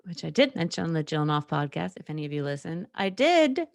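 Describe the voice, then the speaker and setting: Candid rambling woman podcaster, low voice. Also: sing-song, a little fast, gravelly, dry recording, clean studio sound. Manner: candid and rambling, with frequent laughs and fillers. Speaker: podcast host. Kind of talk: casual solo podcast chat.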